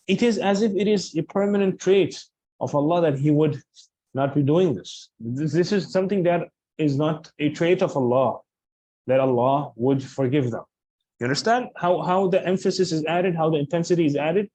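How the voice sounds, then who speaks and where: A man teaching Arabic grammar in English. He recites Arabic verses quickly and explains them with many fillers and restarts. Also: on the high side, dark tone, no echo, muffled recording. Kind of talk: recorded lesson explaining grammar.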